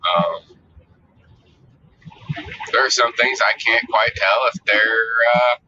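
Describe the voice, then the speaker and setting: A man talks casually to his viewers, cursing freely and venting with exasperation. His voice is very bright and sharp-edged, heard through dull, lo-fi audio. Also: on the low side, slow, a little hiss or hum. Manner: profane, exasperated storytelling. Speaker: vlogger. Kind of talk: casual ranting monologue.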